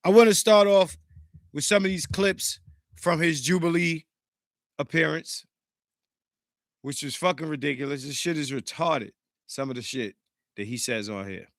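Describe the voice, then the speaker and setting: A man hosting a podcast in a casual, profane, animated way, greeting live chat viewers, sounding slightly congested. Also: a little high, moderate pace, pauses often, no echo, clean studio sound. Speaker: podcast host.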